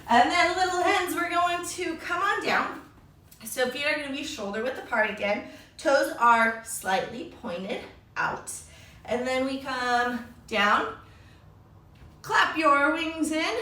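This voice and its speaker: A woman's voice: sits high, animated, a little slow, bright, forceful tone. A woman leading a children's yoga class, upbeat and encouraging, calling the kids her friends. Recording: very echoey room, voice from far off.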